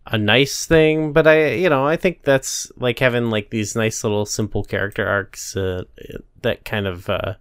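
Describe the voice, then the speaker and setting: A man's voice: mid-range voice, normal speed, few pauses, smooth, no room sound, clean studio sound. A man co-hosting a podcast, talking casually and a bit hesitantly about a show. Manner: relaxed, hesitant with fillers. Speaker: podcast co-host. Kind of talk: casual chat reviewing a show.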